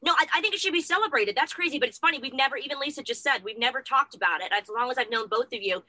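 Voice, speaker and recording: A woman's voice: high-pitched, rapid-fire, sharp tone, no echo, rough recording. A woman hosting a casual chat, gushing and rambling with lots of fillers.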